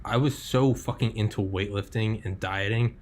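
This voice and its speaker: Podcast host guy, kinda low voice, rambly, lots of likes and swearing. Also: fairly even intonation, moderate pace, a little hiss or hum. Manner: rambling, heavy on fillers and swearing. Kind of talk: casual chat.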